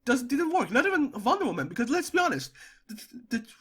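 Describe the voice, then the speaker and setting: A man's voice: fast talker, breathy edge. A young man giving a casual spoken film review, hesitant, with many stammered repeats and fillers, his voice jumping up when he stresses a point. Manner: animated, pitch jumping up when emphatic. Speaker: movie reviewer.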